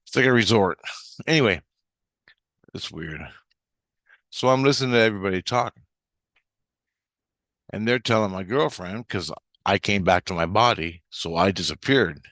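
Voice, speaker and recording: A man's voice: lowish voice, lively intonation, normal speed, pauses often, fairly bright tone, no echo, studio quality. A man telling a personal story in a rambling, casual monologue, often restarting his sentences. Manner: rambling, with frequent restarts and fillers. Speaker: vlogger.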